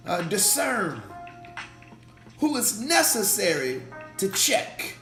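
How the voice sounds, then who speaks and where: A slightly hoarse man, a pastor hosting a faith livestream, talking casually and animatedly, repeating phrases and calling out to viewers in the chat. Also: on the high side, animated, moderate pace, a bit bright. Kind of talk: casual livestream preaching talk. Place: indoor room, livestream. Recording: echoey room with faint music.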